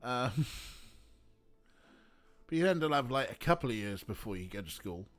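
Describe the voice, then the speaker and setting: A man's voice: medium pitch, animated, normal speed, faint music behind. A man streaming an adventure game, making joking asides and laughing at the dialogue. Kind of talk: casual let's play commentary.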